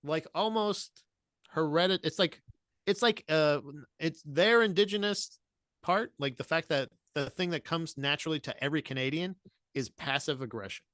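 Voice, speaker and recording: Sardonic, slightly higher-voiced co-host. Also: male voice, normal speed, a bit bright, no room sound, clean studio sound. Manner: sardonic, blunt, profane. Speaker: podcast co-host. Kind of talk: casual chat.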